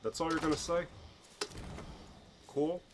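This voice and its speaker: A man's voice: a little high, flat delivery, unhurried. A man teasing his co-player during comedic gameplay banter. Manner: teasing, mocking. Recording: loud game music behind.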